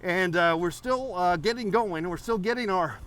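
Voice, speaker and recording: A man's voice: sits high, moderate pace, a bit bright. A man hosting a live call-in painting show, rambling playfully with many fillers.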